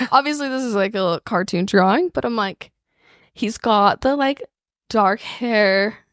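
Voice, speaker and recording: A woman's voice: fairly high pitch, unhurried, no room sound, studio quality. A young woman co-hosting a book club podcast, chatting casually and rambling with fillers. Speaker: podcast co-host.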